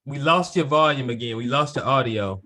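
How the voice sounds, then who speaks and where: Bright-voiced male podcast host. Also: medium pitch, fairly quick. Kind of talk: casual conversation.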